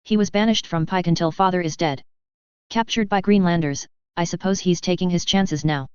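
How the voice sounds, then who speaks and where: A woman voicing a sharp young woman, a sarcastic sea-raider princess who speaks dryly and flatly, on a dull lo-fi recording. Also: on the low side, moderate pace, clean tone, dry recording, lightly acted. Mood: curt. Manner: dry, flat, sarcastic.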